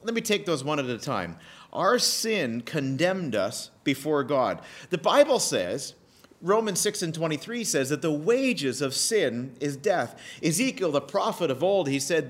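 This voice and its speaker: A man preaching a sermon, emphatic and animated, repeating key phrases with pauses. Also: fairly high pitch. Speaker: pastor.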